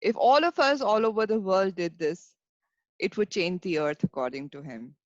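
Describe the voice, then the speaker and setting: A woman's voice: medium pitch, normal speed, no echo. A woman hosting a club meeting, formal and gracious, thanking the speaker and leading the next segment. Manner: formal, gracious, quoting sayings. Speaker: meeting host. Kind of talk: meeting facilitation. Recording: dry, dull lo-fi mic.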